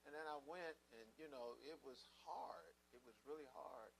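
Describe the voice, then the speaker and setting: A man's voice: a little high, moderate pace, gravelly, slight background noise, poor audio. A man moderating a church grief panel, telling a story earnestly and often repeating his words.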